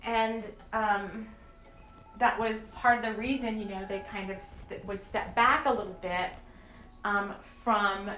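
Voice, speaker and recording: Soft music plays in an echoey room as a woman hosts a channeled spiritual podcast. Her mid-range voice is a little slow with fairly even intonation, and her talk is earnest, emotional, rambling, and full of fillers.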